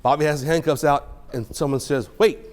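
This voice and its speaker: A man, a judge, speaking to students in a courtroom with an emotional storytelling manner, at times quiet and choked up, at times loud and excited. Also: fairly high pitch, brisk.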